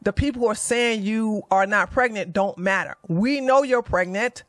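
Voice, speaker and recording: A woman doing heated livestream commentary, blunt and animated, swearing and mocking as she swings from low muttering to loud outbursts. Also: normal speed, no room sound. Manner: swears and mocks. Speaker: commentary streamer.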